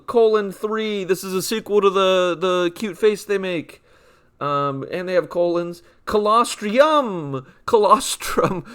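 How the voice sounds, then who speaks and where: A young man reading a long list of punny nicknames, drawing out each name and then tossing off quick rambling jokes. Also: high-pitched, pushed and bright, clear, resonant tone. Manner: rambling punny asides between names; drawn-out name reads with quick offhand quips. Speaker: comedy channel host.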